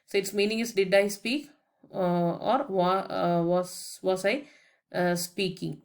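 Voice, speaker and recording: A woman's voice: medium pitch, fairly even intonation, takes it slowly. A woman French teacher giving a methodical grammar lesson voice-over, spelling words out letter by letter and adding English translations. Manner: explains each point with English translations.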